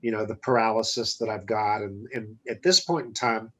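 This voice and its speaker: Husky-voiced man telling a blunt story. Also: fairly low pitch, normal speed. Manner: blunt, animated retelling with quoted dialogue. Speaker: guest entrepreneur. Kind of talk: casual storytelling interview.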